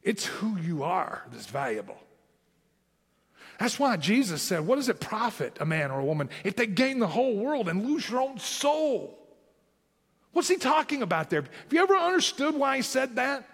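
A man's voice: high voice, very animated, moderate pace, creaky, breathy edge, big-room sound. A man with a Southern Tennessee accent preaching a sermon as pastor, with emphatic rising lines.

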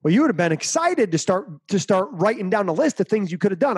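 A man's voice: high voice, sing-song, quick pace, few pauses, slightly rough, no room sound. Middle-aged man, motivational coach guest, punchy, repeats key lines, dry close sound. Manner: emphatic, repeats key phrases. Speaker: guest, mental performance coach. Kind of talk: interview answer, motivational.

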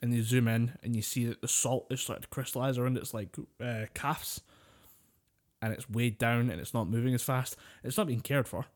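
A man's voice: mid-range voice, steady tone, normal speed. A man co-hosting a casual podcast, telling a story with a lot of swearing and laughter. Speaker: podcast co-host. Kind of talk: casual chat.

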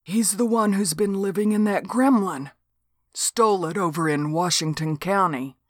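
A woman voicing a big, laid-back lawman who speaks in a slow, matter-of-fact drawl. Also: mid-range voice, no room sound, studio quality, close to an everyday voice.

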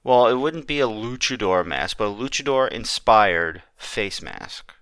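A man's voice: lowish voice, animated, unhurried, a bit bright, no echo. A man co-hosting a casual wrestling podcast, laid-back and rambling as he tells stories. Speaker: podcast co-host.

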